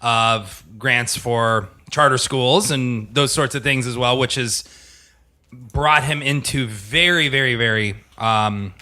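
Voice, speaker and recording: A man's voice: mid-range voice, takes it slowly, sharp tone. A man, a middle school history teacher, chatting as a guest in a podcast studio, laughing often and speeding up when he jokes. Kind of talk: casual interview chat. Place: podcast studio with guitars and amps.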